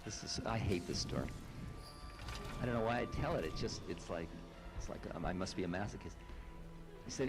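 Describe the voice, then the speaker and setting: A man's voice: low-pitched, expressive, a little fast, pauses often, faint music behind. A man who is a spiritual teacher and author tells stories and reads aloud to a live group. He makes wry, self-deprecating asides. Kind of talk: storytelling talk and reading aloud.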